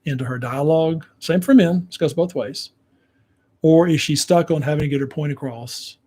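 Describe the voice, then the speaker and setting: A man's voice: fairly high pitch, dark tone. A man giving relationship advice to viewers, acting out what partners say to each other to explain how men hear it. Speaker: relationship coach.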